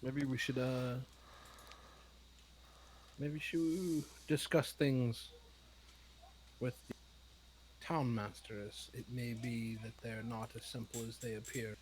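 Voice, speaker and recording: A man playing his character at a tabletop game, wry and measured with many fillers. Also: mid-range voice, little pitch movement, darkish tone, a little hiss or hum, poor audio. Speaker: player.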